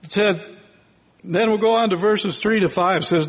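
A man teaching a sermon in a relaxed, conversational way, often checking in with "right?" and "okay?". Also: high-pitched, moderate pace, slightly rough, long reverb tail.

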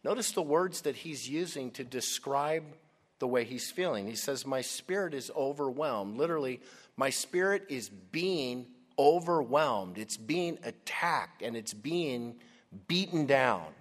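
A man preaching a sermon, dramatic, dropping to a hush and then rising loud. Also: mid-range voice, expressive, a little slow. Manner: dramatic, swings from hushed to loud. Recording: long hall reverb.

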